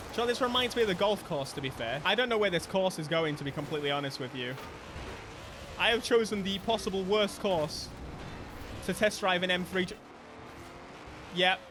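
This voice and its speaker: A young man, giving animated, jokey live gameplay commentary as a streamer, with sudden bursts of mock outrage. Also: high-pitched, noisy background. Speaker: gaming streamer.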